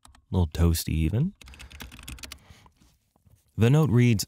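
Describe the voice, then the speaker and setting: Man, let's play commentary, deep voice, lively intonation, slow, mellow, joking and self-mocking. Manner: jokey, self-mocking, reads game text aloud. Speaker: gamer playing through an adventure game.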